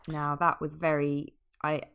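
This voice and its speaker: A woman's voice: sits low, little pitch movement, unhurried, gravelly, a bit bright, clean tone. A woman co-hosting a podcast, chatting in an enthusiastic, rambling way and often trailing off mid-sentence. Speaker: podcast co-host. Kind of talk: casual review chat.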